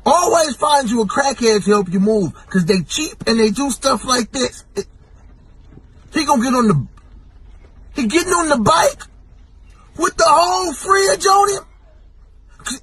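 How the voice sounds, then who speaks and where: A man giving excited, shouted commentary on a video. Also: extremely high pitch, measured pace, long pauses, poor audio. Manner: amazed, shouting.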